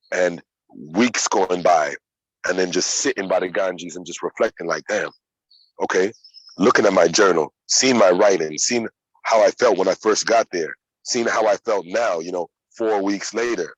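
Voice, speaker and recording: Deep-voiced guy telling his story, swears a lot, dry close sound. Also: no echo, poor audio. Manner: candid, profane, reflective. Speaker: yoga practitioner sharing his story. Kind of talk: casual personal storytelling.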